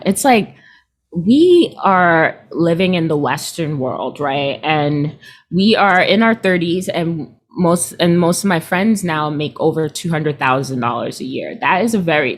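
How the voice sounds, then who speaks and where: 30s woman guest on an interview, kinda low voice, chatty, does little voices for people she quotes. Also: unhurried. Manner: chatty, animated, quotes people in put-on voices, laughs often. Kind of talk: casual interview chat.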